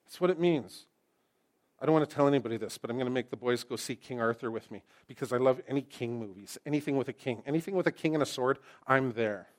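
A middle-aged man preaching a sermon as pastor, lively and joking, swinging from loud emphasis to quiet, intense passages. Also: medium pitch, quick pace.

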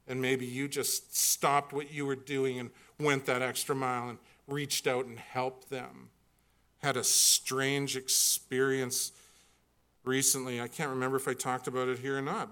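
A man's voice: mid-range voice, pushed and bright. A middle-aged man preaching a sermon, earnest and building to emphatic peaks when he reads scripture. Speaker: pastor.

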